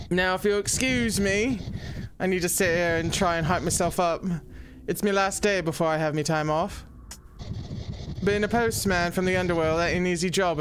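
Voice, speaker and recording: A woman's voice: lowish voice, noisy background, natural voice. A woman voicing a chatty, boastful male postman from the underworld. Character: cheeky male demon-world postman. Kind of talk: let's play voice acting.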